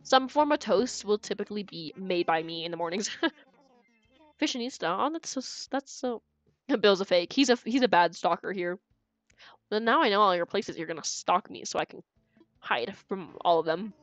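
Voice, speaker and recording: A woman's voice: mid-range voice, animated, moderate pace, no room sound. Young female streamer, chatty and giggly, middle-range voice, dry close mic. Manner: chatty, giggly, talks to chat. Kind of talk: casual gameplay commentary. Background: faint game music.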